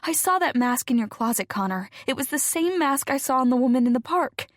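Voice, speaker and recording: A woman's voice: high voice, expressive, a little fast, no echo, studio quality, pitched above the performer's own voice. A woman voicing an agitated, accusing young wife who talks in an emphatic, hissing way.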